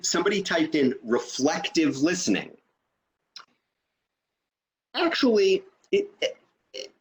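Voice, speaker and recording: A man teaching an online training session over a video call, explaining step by step and checking in with "okay?". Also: mid-range voice.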